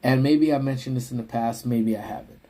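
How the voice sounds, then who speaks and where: Man, livestream host, husky mid voice; animated storyteller chatting to viewers. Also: fairly quick. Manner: animated, voices quoted people in high yelps. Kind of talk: casual storytelling to live chat. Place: parked car.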